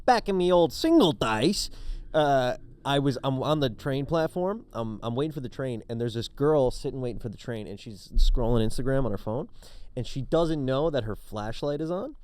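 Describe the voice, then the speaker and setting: A man's voice: mid-range voice, animated, moderate pace, a little mellow, smooth. A man, a comedian co-hosting a podcast, telling playful stories in casual chat. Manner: playful, laughing, acts out voices in his stories.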